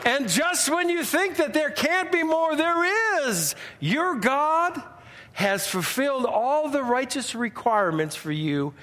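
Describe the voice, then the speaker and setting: A man voicing an excited male game-show announcer, with a showy, drawn-out delivery. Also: very high voice, a faint crowd, a little hiss or hum, voice pushed up, full character voice. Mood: hyped.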